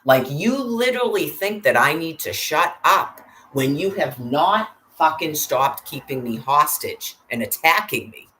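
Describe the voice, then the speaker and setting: A woman's voice: sits low, animated, measured pace, hardly any pauses, a bit bright, a little hiss or hum. A woman in an agitated, profanity-filled angry monologue to camera. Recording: roomy echo.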